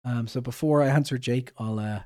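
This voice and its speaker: A young Irish man hosting a podcast reads out viewer comments in a chatty, rambling way, frequently correcting himself. His mid-range voice is brisk with a dark tone.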